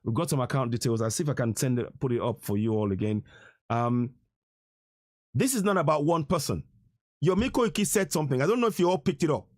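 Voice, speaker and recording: A Nigerian man hosts a casual live stream and takes calls, speaking fast in a medium-pitched, darkish voice. He talks earnestly and emotionally but rambles, restarting often.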